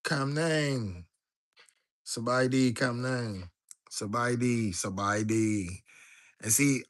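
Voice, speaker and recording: Man, livestream host, loose casual chat, mid pitch. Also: slow. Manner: loose, chatty, talks to viewers directly, reads chat aloud.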